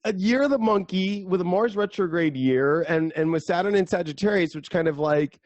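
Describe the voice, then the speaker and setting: A man appears as a guest astrologer in a casual podcast chat, his high voice brisk and free of echo. He's energetic and rambling, now and then slipping into playful voices.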